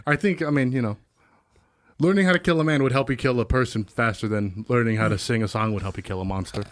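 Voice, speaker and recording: A man co-hosting a podcast in casual chat, blunt and deadpan in his jokes. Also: mid-range voice, fast talker. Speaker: podcast co-host.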